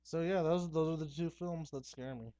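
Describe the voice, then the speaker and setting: A young man talking casually to camera at home, chatty and excitable, with playful asides. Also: on the high side, normal speed, no echo. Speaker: horror movie vlogger. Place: dim room at home.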